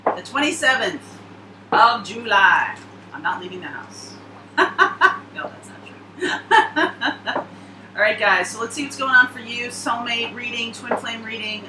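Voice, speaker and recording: A woman's voice: on the high side, unhurried, long pauses, roomy sound, background noise. A woman giving a casual, chatty tarot reading, laughing and rambling through asides. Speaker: tarot reader.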